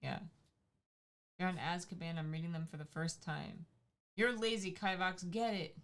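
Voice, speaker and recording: A woman with a fairly low voice chats playfully on a livestream. She teases her co-host and hops from one topic to the next. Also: normal speed. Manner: teasing, playful, jumps between topics. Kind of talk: casual chat.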